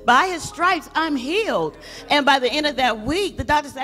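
A woman giving an animated sermon testimony as a guest speaker, calling out and exclaiming. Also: on the high side, fairly quick, big-room sound, faint music behind.

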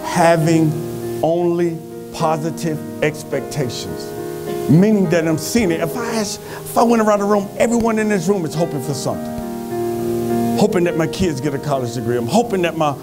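A man giving an energetic motivational speech on a conference stage, telling stories with animated delivery. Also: on the high side, moderate pace, over music. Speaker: motivational speaker.

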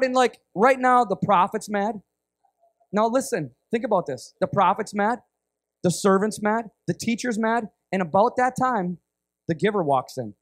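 A man preaching a sermon, telling stories in an animated, conversational way. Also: high-pitched, dry recording.

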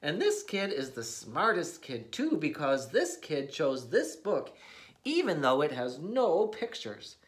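A man's voice: fairly high pitch, wildly swooping pitch, slow pace. A man hosting a read-aloud of a children's book, playful and mock-exasperated at the silly words. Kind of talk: animated read-aloud for kids.

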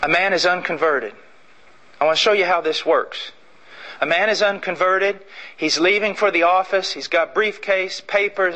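Male preacher, high and bright, who drives points home through repetition. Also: low-quality recording. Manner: emphatic and repetitive, acting out stories. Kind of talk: sermon.

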